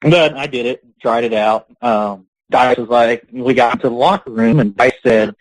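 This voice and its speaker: A man's voice: mid-range voice, normal speed, few pauses, dry recording, rough recording. A man being interviewed on a podcast, telling long rambling stories and laughing between them. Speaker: guest, pro wrestler. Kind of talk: casual podcast interview storytelling.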